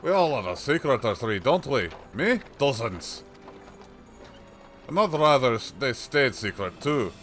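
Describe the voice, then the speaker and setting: On a livestream, a man reads game dialogue aloud as a chatty, shrewd old peddler, putting on a hokey rustic accent with a folksy, rambling storyteller manner. His medium-pitched, fairly bright voice bounces all over with big pitch swings and moves a little slowly. A bit of game music plays behind him.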